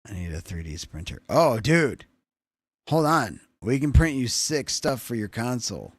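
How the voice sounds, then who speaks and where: Casting: young male streamer, bouncy animated pitch, jokey chat banter, dry close sound. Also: normal speed, breathy edge, dry recording. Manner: loose, swearing, jokey with chat. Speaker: livestreamer. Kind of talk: casual chat.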